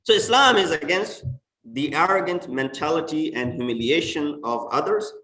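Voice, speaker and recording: A man preaches in a fairly high voice, stressing his points with sharp rises and drops. He is heard from a distance in a roomy, echoing mosque hall. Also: animated, moderate pace. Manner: emphatic, rising and falling for stress. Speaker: imam. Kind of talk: sermon. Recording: echoey mosque hall from far off.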